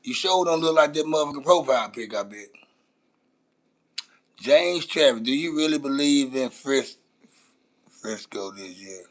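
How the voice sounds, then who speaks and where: A man's voice: medium pitch, lively intonation, moderate pace, long pauses. A man with a Los Angeles accent hosting a casual live-stream chat, teasing his viewers in brash, profane banter. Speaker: host.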